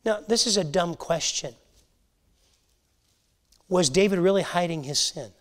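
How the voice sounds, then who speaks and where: A man teaching a Bible lesson to a church class, earnest and halting, often restarting his sentences. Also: high-pitched. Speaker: Sunday school teacher.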